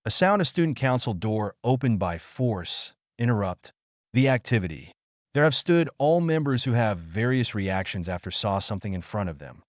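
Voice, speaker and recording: A man's voice: on the low side, no echo, clean studio sound. A man reading fan fiction aloud, with chatty asides to the listener.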